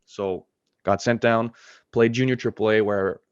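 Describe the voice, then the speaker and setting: Man, 20s, from Montreal, animated storyteller, quick self-corrections, slightly low voice, muffled dry sound. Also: smooth, dry recording. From Montreal, Quebec, Canada. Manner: fast, animated storytelling with frequent asides and corrections. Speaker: interview guest, college hockey goalie. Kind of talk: casual storytelling.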